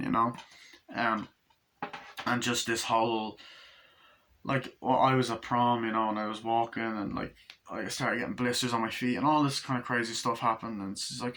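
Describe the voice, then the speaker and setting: A man's voice: mid-range voice, steady tone, moderate pace, bright, forceful tone. A man casually retelling a film in a vlog, rambling with lots of "like" and swearing now and then. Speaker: movie reviewer. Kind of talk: casual movie review vlog.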